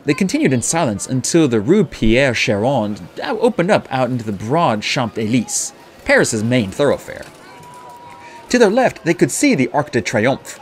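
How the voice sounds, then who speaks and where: A man narrating an audiobook with expressive storytelling. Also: medium pitch, moderate pace, slight background noise. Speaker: audiobook reader.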